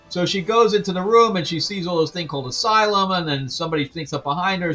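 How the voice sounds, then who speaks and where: A man's voice: mid-range voice, sharp tone, highs cut off. A man hosting a casual comic book review, rambling with lots of fillers and chuckling asides.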